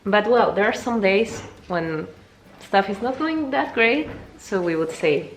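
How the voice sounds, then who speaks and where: Young woman, non-native English, casual lesson host, lively pitch leaps. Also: measured pace. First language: not English. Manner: lively, jumps high to demonstrate words, chatty with fillers. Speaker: language teacher and video host. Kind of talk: casual video language lesson.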